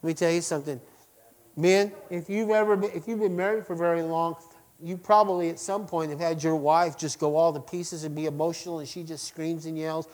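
A middle-aged man preaching to his congregation, swinging between loud emphasis and quiet lines and asking them direct questions. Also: a little high, steady tone, brisk. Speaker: pastor. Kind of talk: sermon.

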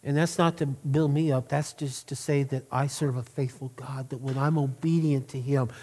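A man's voice: mid-range voice, fairly even intonation, moderate pace, a little mellow, slightly rough. A middle-aged man, preaching a sermon in an earnest, emphatic way and drawing out key words. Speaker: pastor.

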